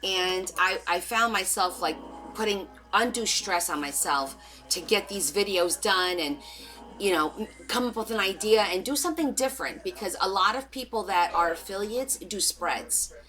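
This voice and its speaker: A woman's voice: medium pitch, lively intonation, moderate pace, pushed and bright, soft background music. A woman hosting a live crafting stream, chatting casually and rambling as she answers viewers' comments.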